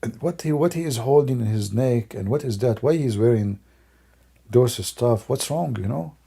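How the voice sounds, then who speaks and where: A man whose first language is Arabic, hoarse from losing his voice, musing and rambling in broken English on a livestream. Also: medium pitch, expressive, moderate pace, warm tone. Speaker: livestream host. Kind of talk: casual livestream talk.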